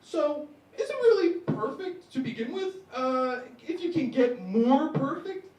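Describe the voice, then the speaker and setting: Young guy putting on a nitpicky older man customer, slow and fussy, far-off echoey mic. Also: mid-range voice, steady tone, voice pushed down, lightly acted. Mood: nitpicking. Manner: fussy, questioning.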